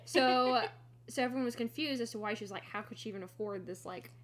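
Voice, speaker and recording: A young woman co-hosting a book podcast, recapping the plot excitedly with lots of fillers. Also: fairly high pitch, quick pace, a little hiss or hum. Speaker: podcast co-host. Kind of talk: casual book podcast chat.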